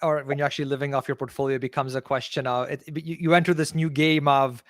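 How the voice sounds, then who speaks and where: A man's voice: medium pitch, fairly even intonation, fast talker, no room sound, clean studio sound. A man from Canada hosting a podcast, posing long, carefully worded questions. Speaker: podcast host. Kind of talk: interview questions.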